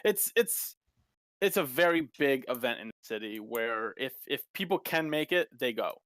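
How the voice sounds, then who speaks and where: A man running a tabletop game as game master, narrating casually and haltingly. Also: medium pitch, lively intonation, fairly bright tone, clear, resonant tone, dry recording. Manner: casual, halting, many fillers.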